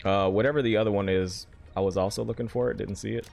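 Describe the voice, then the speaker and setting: A man's voice: lowish voice, fairly even intonation, fast, vocal fry, darkish tone, soft background music. A man streaming a video game, rambling and joking casually with his viewers. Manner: rambling, jokey, chats with viewers. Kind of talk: casual chat while playing a game.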